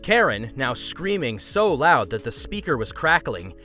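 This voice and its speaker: Lively wry male story narrator. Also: mid-range voice, unhurried, hardly any pauses. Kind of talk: reading a story aloud. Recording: faint background music.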